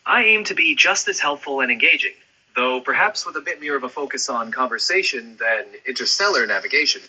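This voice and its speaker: Bright, husky male AI assistant voice. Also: mid-range voice, expressive, brisk, low-quality recording. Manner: smooth, agreeable, polished phrasing. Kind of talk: conversational assistant replies.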